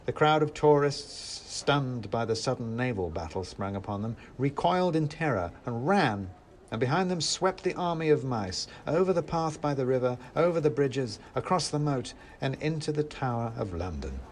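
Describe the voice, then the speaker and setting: A man narrating a storybook with wry, expressive storytelling. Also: mid-range voice, moderate pace, a little hiss or hum.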